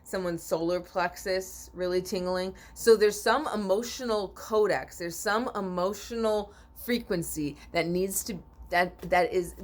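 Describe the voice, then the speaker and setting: In a mid-range voice, a sleepy woman offers viewers a spiritual oracle card reading. She yawns, rambles, keeps repeating and restarting, and clears her throat frequently.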